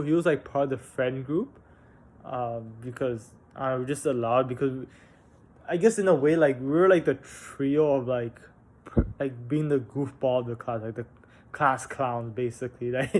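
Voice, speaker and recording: Young man, casual vlog storytelling, halting, lots of restarts and fillers, candid, swears. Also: mid-range voice, darkish tone. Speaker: vlogger.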